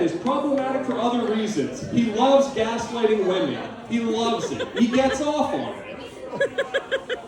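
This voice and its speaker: A male comedian doing manic, sardonic live stand-up, swearing freely. His voice is very high and jumps all over the place. He sounds distant, with heavy echo from the venue. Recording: echoey live room, from a distance.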